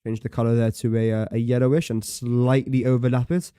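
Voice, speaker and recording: This man's medium-pitched voice is warm and clean but flat in delivery and a little fast as he casually streams a building game. He thinks aloud, counting and doing sums under his breath while mocking himself, and the studio-quality recording has no echo.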